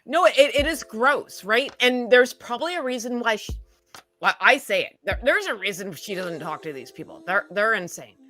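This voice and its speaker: A woman's voice: a little high, lively intonation, normal speed, sharp tone, faint music behind. A woman in casual chat, blunt and frank, with many fillers like "like" and "right". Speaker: livestream guest commentator.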